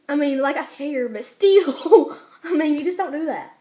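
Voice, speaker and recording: Giggly high-voiced teen girl. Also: normal speed, hardly any pauses, dark tone, a little hiss or hum. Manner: chatty, giggly, acts out quoted people. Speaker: co-host. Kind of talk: casual chat.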